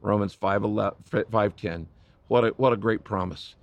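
Passionate older pastor preaching. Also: male voice, fairly low pitch, moderate pace, no room sound, dull audio. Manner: passionate, swells in volume and pleads. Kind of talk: sermon.

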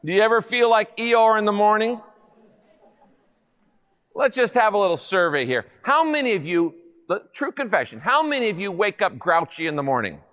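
A male pastor delivers a sermon with a notably high-pitched voice. He keeps it lively and humorous, throwing rhetorical questions at his listeners. The sound carries a long reverb, as in a large church hall. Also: normal speed.

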